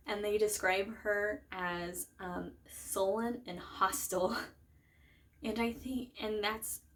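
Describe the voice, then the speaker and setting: A woman's voice: medium pitch, a bit bright. A young woman chatting casually about a book and its film, rambling with lots of fillers and self-corrections. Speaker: book vlogger. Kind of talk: casual chat.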